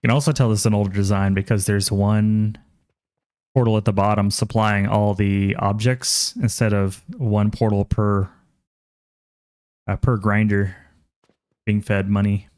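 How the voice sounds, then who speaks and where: A man's voice: lowish voice, level tone, a little slow, pauses often, a little mellow, no room sound, studio quality. A man casually commentating on a game while streaming, chatty, thinking aloud and reading chat aloud.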